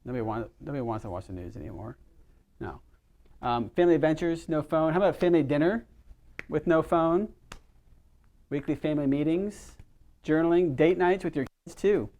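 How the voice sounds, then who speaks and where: Leading a casual workshop for a small group, a chatty middle-aged man tells stories and poses questions to his audience. His darkish-toned voice is on the high side and a little fast, broken up by long pauses.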